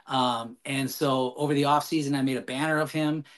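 A man's voice: mid-range voice, a little fast. A man guest on a podcast, telling a long story casually with many fillers and restarts. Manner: animated, rambling, frequent fillers and restarts.

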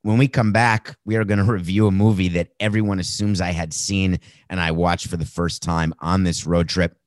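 A sports talk host with a very deep, low voice, delivering sarcastic and incredulous commentary. The sound is dry and close to the mic, with no room echo. He mocks as he talks and breaks into laughter. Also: fairly even intonation, normal speed.

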